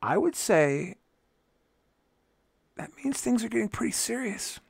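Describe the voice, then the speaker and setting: A man's voice: sits high, big pitch swings, unhurried, creaky, husky, dry recording. A tired man rambling and joking about himself as he chats casually with viewers on a live stream. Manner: rambling, self-mocking, swearing. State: tired and grumpy. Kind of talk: casual livestream chat.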